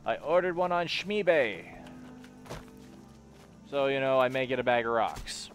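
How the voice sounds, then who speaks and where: A man's voice: medium pitch, expressive, unhurried. A man streaming a game, joking crudely and talking back at the game as he plays. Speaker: gaming streamer. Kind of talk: casual let's play commentary. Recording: game music behind voice. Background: game music.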